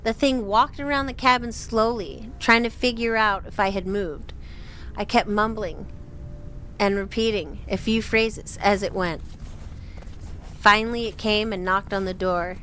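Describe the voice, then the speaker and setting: A woman's voice: medium pitch, steady tone, a little slow, pushed and bright, slight background noise. A young woman casually reading a horror story aloud, breaking off with giggling, swearing asides. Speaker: story reader.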